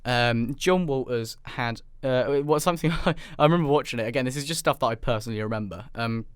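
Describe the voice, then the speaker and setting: Podcast co-host, man, casual football chat, joking and rambling, smooth voice, dry sound. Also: mid-range voice, fast talker, dry recording. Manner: joking, rambling, with many fillers.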